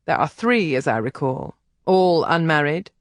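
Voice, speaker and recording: A woman reading an audiobook, voicing a confident young aristocratic man who speaks in a measured, blunt, dry way. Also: deep voice, expressive, no room sound.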